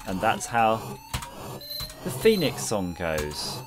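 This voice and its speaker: A man's voice: mid-range voice, sing-song, unhurried, long pauses, fairly bright tone. A man streaming retro games, chatting casually and rambling jokily with viewers while he plays, over a noisy background hum. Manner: jokey, rambling, chats with viewers. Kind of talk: casual livestream chat while gaming.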